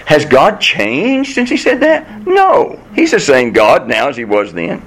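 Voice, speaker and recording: A man preaching a sermon, asking rhetorical questions and quoting scripture slowly and with emphasis. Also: wildly swooping pitch, low-quality recording. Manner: emphatic, rhetorical questions, rising to high bursts; slows for scripture, speeds up in the story. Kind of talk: sermon with storytelling.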